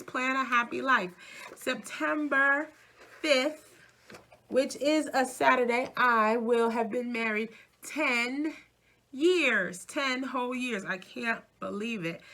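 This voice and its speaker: A woman's voice: fairly low pitch, creaky. A woman in her forties from New York City, with a mixed New York, Midwest, Southern and Louisiana accent, chatting casually and animatedly while flipping through her planner. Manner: chatty and animated, laughing easily. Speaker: vlogger and minister.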